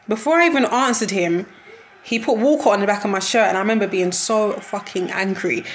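A woman's voice: medium pitch, fairly quick, slight background noise. A young woman giving a casual football match reaction, slangy and exasperated, laughing often as she talks.

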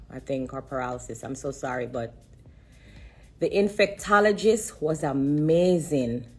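Low husky woman, emotional testimony. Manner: earnest and repetitive, stopping to steady herself. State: holding back tears. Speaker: singer sharing a personal testimony. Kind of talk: live-stream testimony.

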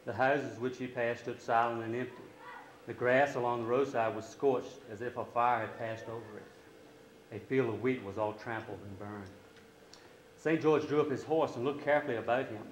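A man reading a storybook aloud to a class, steady and expressive, lifting his voice for quoted lines. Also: medium pitch, normal speed, roomy sound, a little hiss or hum, poor audio.

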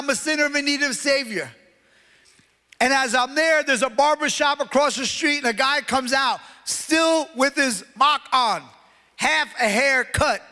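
Impassioned high-voiced preacher, bright tone. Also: male voice. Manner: impassioned, acts out quoted voices. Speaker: pastor. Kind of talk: sermon storytelling. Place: large church hall. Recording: long hall reverb.

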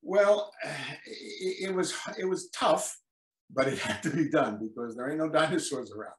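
A man's voice: a little high, normal speed. An older man, a veteran actor, telling stories in a casual interview and acting out old quotes. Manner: animated storyteller, acts out quotes. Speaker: guest actor. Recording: echoey room.

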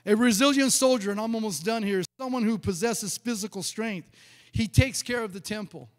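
A man's voice: sits high, fairly quick. A middle-aged man, a pastor, preaching and telling a story, acting out the dialogue and often repeating his words. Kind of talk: sermon with storytelling. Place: church. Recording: long church reverb.

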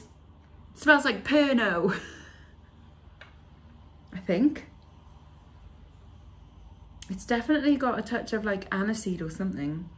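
A woman chatting casually as she unboxes beauty products, reading labels aloud with fillers along the way. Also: medium pitch. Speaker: beauty vlogger.

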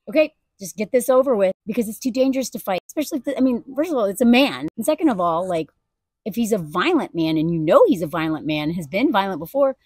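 A woman's voice: fairly high pitch, dry recording, clean studio sound. A woman talking earnestly and emotionally in a personal video commentary, speaking casually and addressing viewers directly. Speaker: video creator.

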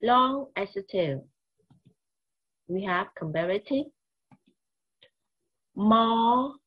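A woman with a Vietnamese accent teaching English grammar slowly and repeating key words. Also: medium pitch, expressive, husky, highs cut off. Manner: slow, repetitive, mixes languages. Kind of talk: classroom grammar lesson.

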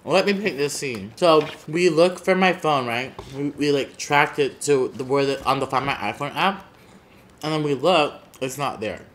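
A man's voice: a little high, normal speed, fairly bright tone, a little hiss or hum. A man telling a story in a casual chat over a meal, dramatic and repeating phrases for effect. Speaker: guest.

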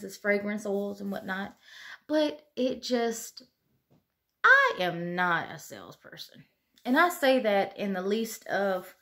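A woman's voice: mid-range voice, creaky, fairly bright tone. A young adult woman talking candidly to camera late at night, tearful and sighing, rambling with many "you know"s. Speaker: vlogger.

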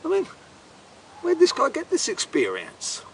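A man's voice: very high voice, wildly swooping pitch, a little slow, creaky, distant mic, a little hiss or hum, poor audio. A man with an Australian accent telling a meandering, profane, incredulous comic story. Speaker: host. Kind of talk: rambling comic monologue.

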